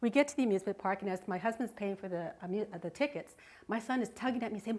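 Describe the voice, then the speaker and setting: Speaking fast in a darkish, mid-range voice, a middle-aged woman tells a personal story at a live speaking event. She delivers it vividly and expressively, laughing often.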